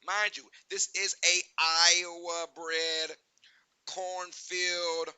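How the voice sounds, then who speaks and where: A man hosting a sports talk show, giving animated, emphatic opinions and often asking "right?". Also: high voice, very slow, clean tone, no room sound, low-quality recording.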